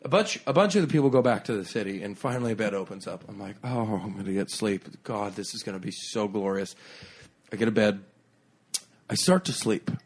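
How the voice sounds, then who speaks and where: A man guesting on a podcast as a comedian, telling a long story in an animated, profane way and acting out other people's lines. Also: on the low side, a little fast, slightly rough.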